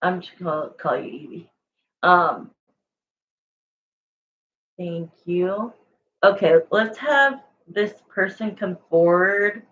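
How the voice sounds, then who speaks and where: A woman's voice: fairly low pitch, takes it slowly, pauses often, a bit bright, dull audio, a little hiss or hum. A woman doing a casual livestream tarot reading, chatty and rambling, often stopping to correct herself while answering viewers. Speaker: tarot reader.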